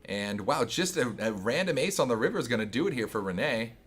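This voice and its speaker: A man's voice: medium pitch, very animated, a little fast, fairly bright tone, breathy edge. A man doing live poker commentary, joking and making puns with his co-host into a close mic. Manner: jokey, punning, laughs at own jokes.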